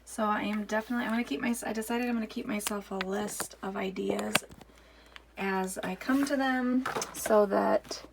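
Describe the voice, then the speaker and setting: Woman, 30s, casual home vlogger, gravelly creak, rambling and practical. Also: mid-range voice, fairly even intonation, normal speed, heavy background noise. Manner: chatty and practical, thinking aloud with many fillers. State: out of breath after the stairs. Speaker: homemaking vlogger. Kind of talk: casual walk-through vlog. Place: home basement storage and pantry.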